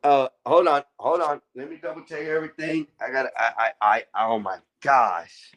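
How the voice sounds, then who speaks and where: On a phone microphone, a man hosts a relaxed livestream at normal speed, his mid-range voice fairly bright. He talks with his chat, often sounding fed up and swearing plenty.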